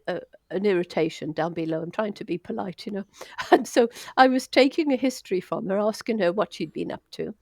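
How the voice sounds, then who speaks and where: A woman's voice: mid-range voice, a little mellow, no room sound, clean studio sound. Chatty older woman, laughing often. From Wales. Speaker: doctor, guest. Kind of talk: casual storytelling interview.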